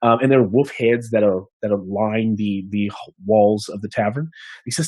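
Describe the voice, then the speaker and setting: A man's voice: on the low side, a little fast, a little mellow, no room sound. A man narrating as game master of a tabletop game, rambling with many restarts.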